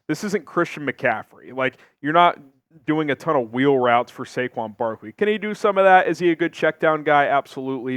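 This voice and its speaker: A man hosting an opinionated sports talk show, talking emphatically with big swings in pitch and volume. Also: a bit bright, clean tone, no echo.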